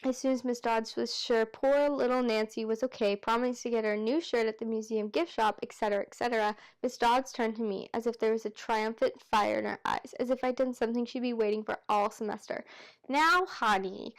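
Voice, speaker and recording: A woman's voice: a little high, fairly even intonation, a little fast, hardly any pauses. A woman casually reading a novel aloud, with chatty asides and frequent self-corrections. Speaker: amateur reader.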